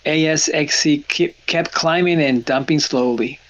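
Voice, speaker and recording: A man hosts a live trading stream and chats casually, retelling his own mistakes with many restarts. His voice sits on the higher side, and the sound is dull and lo-fi. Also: unhurried. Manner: animated storytelling with lots of restarts. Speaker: stream host.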